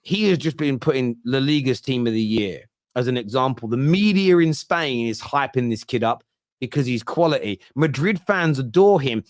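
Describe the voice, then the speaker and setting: A man hosting a football fan show, reacting fast to viewer comments in casual discussion. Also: medium pitch, animated, no echo, studio quality.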